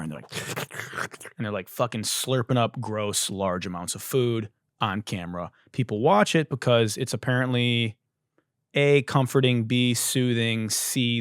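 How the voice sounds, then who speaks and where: A man rants through a comedy podcast monologue, spinning puns and swearing freely. His pitch leaps around animatedly and his voice has a slight hoarseness. The sound is dry and close, with no room around it. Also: dry recording. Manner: riffing wordplay, profane, animated. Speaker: podcast host.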